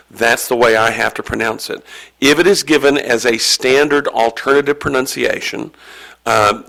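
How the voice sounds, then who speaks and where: A man's voice: mid-range voice, gravelly, sharp tone. A man acting as pronouncer at a school spelling bee, explaining the rules to the spellers in a friendly, joking, reassuring way. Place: school event hall.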